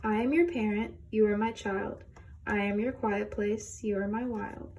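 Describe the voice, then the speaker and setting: A woman's voice: medium pitch, steady tone, normal speed, a little hiss or hum. Young woman reading a rhyming picture book. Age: young adult. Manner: gentle, rhythmic reading of rhyming verse. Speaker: reader. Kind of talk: children's story reading.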